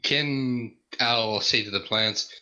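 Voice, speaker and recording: A young man playing a tabletop game, excitable and quick to laugh. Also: mid-range voice, lo-fi sound. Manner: lively, laughs often, excitable. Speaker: player. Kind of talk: casual tabletop banter.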